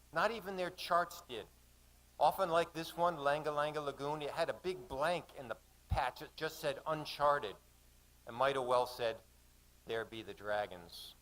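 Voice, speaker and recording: A man's voice: mid-range voice, fairly bright tone, low-quality recording. A man reading his own seafaring story aloud at a cafe poetry event, vivid narration with voiced dialogue.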